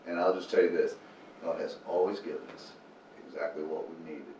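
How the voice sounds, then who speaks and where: In a deep voice and at a fairly quick pace, a man who started a homeless ministry tells earnest faith stories as an interview guest. He animatedly voices what others said. The room sounds large, the mic distant, with faint noise.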